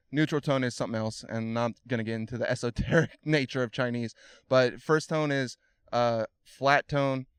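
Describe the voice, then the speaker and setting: A man with a smooth, clear voice speaks as a podcast guest. He explains things thoughtfully, with plenty of ums and restarts. The sound is close and dry, with no room in it. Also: medium pitch, no echo. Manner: thoughtful, explains slowly with many fillers. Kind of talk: casual conversation.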